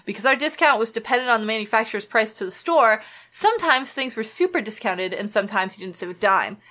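A woman's voice: a little high, expressive, fast, fairly bright tone. A woman co-hosting a podcast, telling a story in casual chat with blunt, joking humor. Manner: reads listener mail and tells stories with frank humor. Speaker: podcast co-host.

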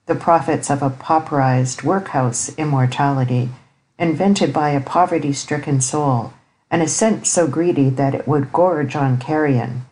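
A woman narrating a classic novel in an audiobook, with a measured, even delivery. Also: low voice, rough recording. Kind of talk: scripted narration.

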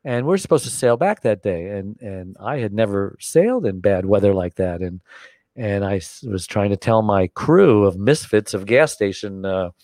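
An older American man telling stories as an interview guest, animated and acting out the dialogue in voices. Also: fairly low pitch, moderate pace, no echo, clean studio sound. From United States. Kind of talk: casual storytelling.

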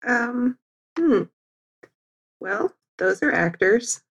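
Giggly guest, slow and unsure, mid-pitched voice. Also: animated, gravelly, fairly bright tone. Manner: hesitant, giggly. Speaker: guest guessing films. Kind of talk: casual chat.

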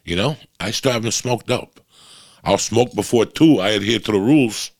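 On a confessional podcast, a middle-aged male host with a very low, gravelly, wheezy voice rambles along at normal speed, cursing nonstop. His podcast mic captures him close and dry, with no room sound or echo.

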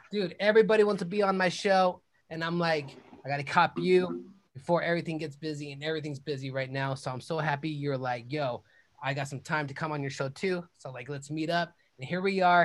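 A young man hosting his own podcast, talking in a loud, hyped-up style with whoops and shout-outs. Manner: high-energy hype with whooping shouts. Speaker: podcast host. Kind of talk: hyped podcast intro and self-promotion.

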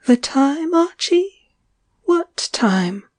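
A woman voicing a young woman in love, speaking higher and often in a breathy half-whisper. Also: big pitch swings, very slow, full character voice. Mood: dreamy.

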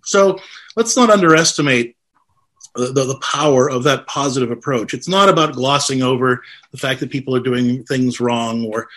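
A man's voice: mid-range voice, a bit bright. A man giving a conversational talk on faith and ministry, earnest, with frequent restarts. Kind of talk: informal lecture with Q&A.

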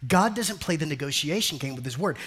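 Lively, bright-voiced preacher man. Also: fairly quick, slightly rough. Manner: animated preaching, acting out a grumbling believer in a higher voice; addresses congregation as family and beloved. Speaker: pastor. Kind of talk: sermon.

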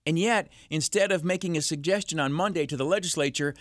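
A man's voice: a little high, fast talker, no room sound, studio quality. A man hosting a call-in radio show, rambling and sarcastic as he riffs alone between calls. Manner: rambling, sarcastic, jumps to mock voices. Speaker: radio talk show host. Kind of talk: solo talk radio monologue. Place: radio studio.

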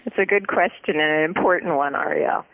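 A guest expert giving relationship advice in an interview, explaining in an earnest, steady way. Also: mid-range voice, a little fast, no echo. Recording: tinny phone-like line.

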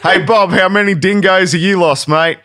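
Man doing a broad Aussie bogan bloke, high and loud, laughing through it. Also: fairly even intonation, moderate pace. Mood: jokey. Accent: broad Australian. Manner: loud, laughing, overdone ocker drawl. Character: boisterous bogan Aussie bloke, middle-aged.

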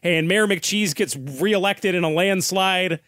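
A man's voice: high voice, slow pace, a bit bright, no room sound, studio quality. A man co-hosting a comedy podcast, riffing on a silly plot with swearing and storytelling. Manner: profane, storytelling riff. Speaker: podcast co-host.

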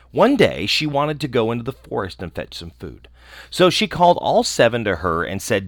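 A man reading a fairy tale aloud as a storybook host, deliberate and expressive. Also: mid-range voice, dry recording, studio quality.

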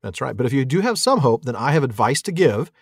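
A man's voice: mid-range voice, very animated, fast, slightly rough, dry recording, clean studio sound. A man co-hosting a casual podcast, chatty and laughing, retelling events with wry jokes. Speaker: podcast co-host. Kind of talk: casual chat.

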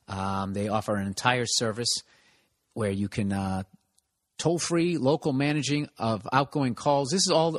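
A man who hosts a podcast and does stand-up, giving a casual, rambling ad read with swearing and self-mocking asides. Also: medium pitch. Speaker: podcast host and stand-up comedian.

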